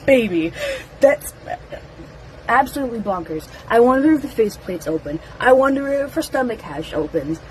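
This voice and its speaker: A young woman with a fairly high voice rambles through her first impressions, excitable and full of fillers and little giggles. She talks casually, straight to camera, as a fan vlogger. A faint hiss of noise sits under her voice. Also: moderate pace, long pauses, low-quality recording.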